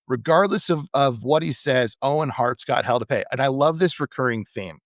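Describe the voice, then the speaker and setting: A man's voice: mid-range voice, lively intonation, normal speed, hardly any pauses, no room sound, studio quality. A man co-hosting a podcast, recapping an old wrestling show in a casual, amused way and laughing between points. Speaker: podcast co-host.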